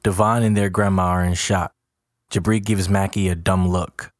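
Low-voiced man narrating a story. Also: normal speed, dry recording, clean studio sound. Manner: plain, steady storytelling.

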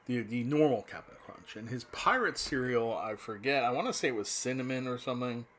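A man's voice: mid-range voice, fairly quick, a bit bright. A man in his fifties from New Jersey, rambling nostalgically in a casual spoken monologue, with restarts and the odd curse. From New Jersey, USA. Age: 50s. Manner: rambling, nostalgic, profane, self-interrupting.

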